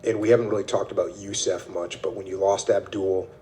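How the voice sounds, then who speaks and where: A podcast host reads book passages aloud in a very deep male voice. His delivery stays steady and measured, with little rise and fall in pitch, and a faint hiss sits under the recording. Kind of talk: reading a book excerpt aloud and discussing it.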